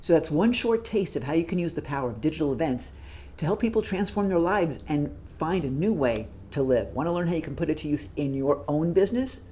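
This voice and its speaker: A man's voice: a little high, lively intonation, fairly quick, mellow. A man hosting, giving an upbeat promotional outro that invites viewers to join. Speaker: host.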